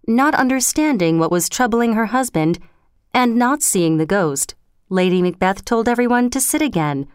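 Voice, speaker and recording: A woman narrating a story in a clear, measured storytelling manner. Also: a little high, expressive, no echo, clean studio sound. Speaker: reader. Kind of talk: scripted narration.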